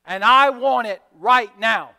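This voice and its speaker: A man voicing a stern, demanding king who rattles off threats in rapid bursts, with long hall reverb. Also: very high voice, pushed and bright, clean tone, full character voice. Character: stern demanding wealthy king, male, adult.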